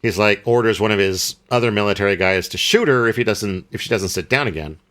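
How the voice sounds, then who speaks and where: A man's voice: on the low side, fast, a bit bright. A man co-hosting a podcast, recapping a film in casual chat and rambling through many fillers and restarts. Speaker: podcast co-host.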